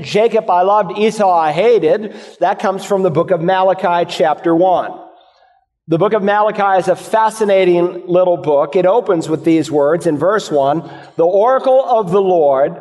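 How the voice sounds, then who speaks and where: High-voiced male pastor preaching in a hall. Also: a little mellow. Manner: expository, asks and answers rhetorical questions. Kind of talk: sermon.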